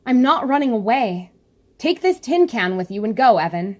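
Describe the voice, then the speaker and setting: A woman voicing a proud, determined young princess while reading a comic aloud, earnest and a little higher than her usual voice. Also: big pitch swings, normal speed, a little mellow. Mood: defiant.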